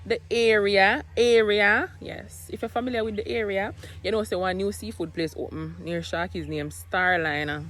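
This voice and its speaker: A woman's voice: mid-range voice, normal speed, a bit bright. A young Jamaican woman talking casually to camera in a home vlog, chatty and rambling, slipping into patois. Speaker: vlogger, single mother.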